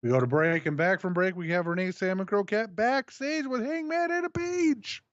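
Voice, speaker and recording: A man co-hosting a stream, recapping the events of a show in a steady, matter-of-fact way. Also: sits high, moderate pace, dry recording, dull audio. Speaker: co-host recapping a wrestling show. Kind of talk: casual recap reading.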